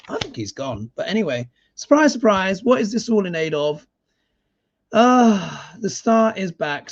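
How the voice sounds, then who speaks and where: A man giving a live tarot reading in casual, sarcastic talk, often tagging his points with a questioning "yeah?". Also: fairly high pitch. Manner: sarcastic, emphatic, keeps adding "yeah?" tags. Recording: dull lo-fi sound.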